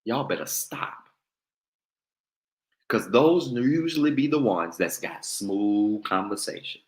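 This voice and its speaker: Male pastor, slow and bright, preaching with call and response in an echoey church. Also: on the low side, expressive. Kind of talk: sermon.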